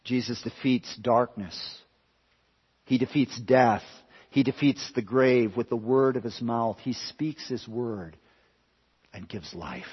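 A man preaches a sermon with a slightly husky voice, swinging from quiet, hushed stretches to loud, forceful climaxes. His words ring out through a long hall reverb. The recording sounds somewhat dull and lo-fi. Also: medium pitch, slow.

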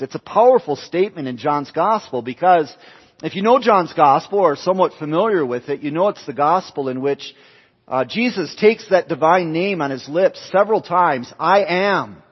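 A man's voice: on the high side, lively intonation, moderate pace, breathy edge. A man preaching an expository sermon, emphatic, repeating key phrases for stress. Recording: dull lo-fi sound with long hall reverb.

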